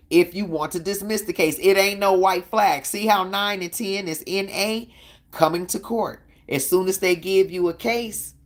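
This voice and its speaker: A woman hosting a live-stream Q&A, talking bluntly and profanely in a combative tone and often asking "all right?". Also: fairly low pitch. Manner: blunt, profane street talk. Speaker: channel host.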